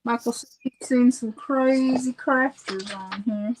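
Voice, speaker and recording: A woman joins a crafting livestream as a guest and talks in a relaxed, plain-spoken way. Her voice is high. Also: takes it slowly, background noise. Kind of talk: casual crafting chat.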